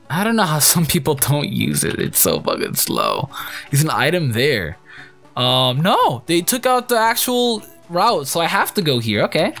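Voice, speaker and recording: A young man commenting on his own game playthrough, excitable, crude and joking. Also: medium pitch. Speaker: gaming YouTuber. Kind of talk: let's play commentary.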